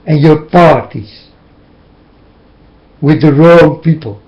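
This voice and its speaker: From his room, a man delivers an emotional religious monologue, pleading and preaching while his voice keeps cracking into tears. His pitch is fairly high, his pace slow, and his tone darkish, captured on a dull lo-fi recording.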